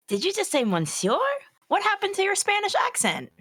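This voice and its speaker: A woman's voice: very high voice, a bit bright. A woman chatting casually and joking while playing a story game with a friend. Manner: amused, quick quips. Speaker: game co-player. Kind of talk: casual let's play chat.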